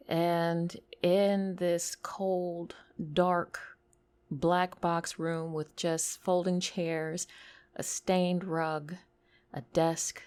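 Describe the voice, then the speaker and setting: Speaking on the low side, a lisping woman shares a personal story that feels intimate and tearful. She drifts into whispers at times and bursts louder at others.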